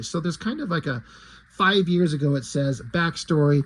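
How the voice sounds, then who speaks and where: A man's voice: on the high side, normal speed. Casual, rambling man retelling a story. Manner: loose, profane, rambling asides. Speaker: reader summarizing a book.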